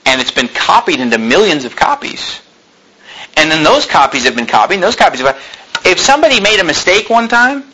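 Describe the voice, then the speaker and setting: A man's voice: sits high, very animated, a little fast, bright, forceful tone, slightly rough, poor audio. A man preaching a sermon as pastor, building to emphatic rising peaks and voicing his listeners' objections.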